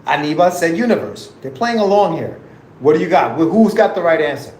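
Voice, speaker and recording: A man's voice: fairly high pitch, expressive, brisk, a little mellow, echoey room, poor audio. Laughing man hosting a podcast game. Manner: joking, laughing, reads viewer comments aloud. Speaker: podcast host. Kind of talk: casual live-stream chat with puzzle game.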